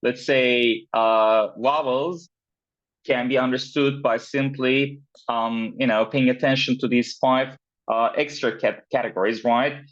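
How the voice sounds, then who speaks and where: Male pronunciation teacher, slow and patient, filler-heavy, lo-fi video-call sound. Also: medium pitch, fairly even intonation, a bit bright. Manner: slow, with many fillers and repeated words, checking in with "right?". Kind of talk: online class lesson. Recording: dull, lo-fi sound.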